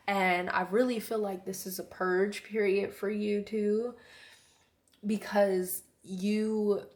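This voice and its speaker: A woman giving a casual spiritual tarot reading, earnest and effusive, chatting with soft whispered asides. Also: medium pitch. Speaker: tarot reader.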